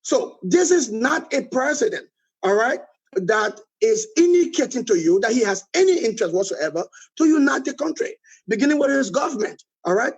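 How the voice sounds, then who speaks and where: A man's voice: very high-pitched, very animated, normal speed, breathy edge, muffled recording. A man with a Liberian accent, a political guest giving emphatic critical commentary and often adding "all right?".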